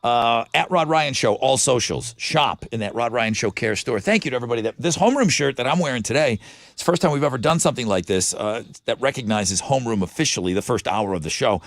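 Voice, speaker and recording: Animated man hosting morning radio. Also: mid-range voice, quick pace, dry recording. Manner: lively, jokey, rattles off promos. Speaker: radio morning show host. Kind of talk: casual radio chat. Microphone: studio microphone.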